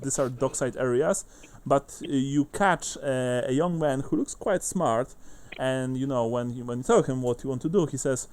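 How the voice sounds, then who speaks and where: Game master man, mid-pitched, loose narration, lots of fillers. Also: moderate pace, few pauses, a little mellow. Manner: loose, many fillers and restarts.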